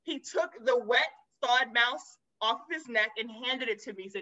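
A woman zookeeper and educator, a podcast guest who tells lively, expressive stories and addresses listeners as y'all. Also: fairly high pitch, moderate pace, few pauses, poor audio. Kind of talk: animated storytelling.

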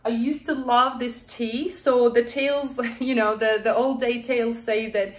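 A young woman chatting casually in a home kitchen while showing a recipe, excitable and laughing often. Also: a little high, unhurried. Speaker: cooking vlogger. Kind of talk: casual cooking demonstration.

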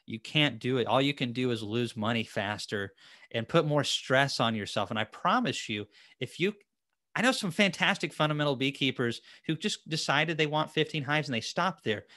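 A man's voice: medium pitch, animated, moderate pace, pushed and bright, dry recording, studio quality. A man hosting a casual live-stream chat, rambling and chatty, with lots of fillers and restarts. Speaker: host. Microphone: headphones and desk mic.

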